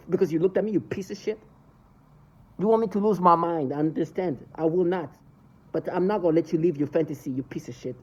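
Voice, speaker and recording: A man in an angry monologue to camera, talking in an agitated, cursing rant. His voice sits a little high and sounds husky. The recording is dull and lo-fi. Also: quick pace, darkish tone. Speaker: vlogger.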